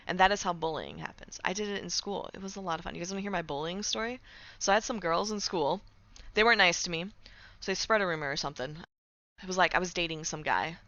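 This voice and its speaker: Chatty bright-voiced woman streamer. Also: lowish voice, highs cut off. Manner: chatty, fillers like "right?", sarcastic asides. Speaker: streamer reading chat. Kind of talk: casual live-stream chat.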